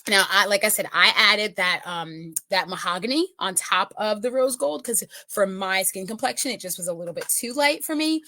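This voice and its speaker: A woman's voice: medium pitch, moderate pace, hardly any pauses, sharp tone. A middle-aged woman giving a casual makeup tutorial, chatting with viewers and often checking in with them. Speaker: makeup consultant.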